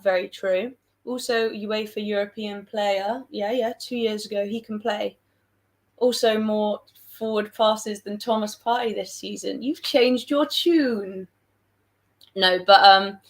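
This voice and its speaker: Young woman, southern English accent, mid-pitched, chatty livestream host who rambles and jokes at her own expense. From England. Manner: chatty, rambling, self-deprecating, reads out viewer comments. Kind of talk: casual livestream chat.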